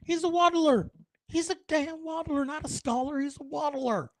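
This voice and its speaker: A man voicing a cheeky male squirrel who teases and giggles in a high squeak. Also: fairly even intonation, moderate pace, a bit bright, a little hiss or hum. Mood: mocking. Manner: taunting, giggly.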